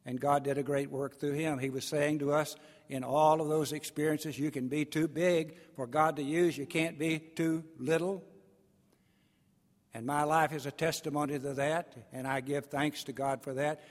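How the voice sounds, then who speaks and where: A man preaching a sermon in a folksy, storytelling way, acting out voices as he goes. His voice sits a little high, and a long reverb trails after each phrase in a large hall. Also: steady tone, normal speed.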